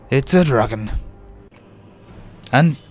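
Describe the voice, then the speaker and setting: A man's voice: on the high side, a little mellow. Chatty man with a sore throat. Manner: rambling, chatty, mock-grumbling at the game; drifting in and out of put-on accents. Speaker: let's play gamer. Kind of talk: casual gameplay commentary.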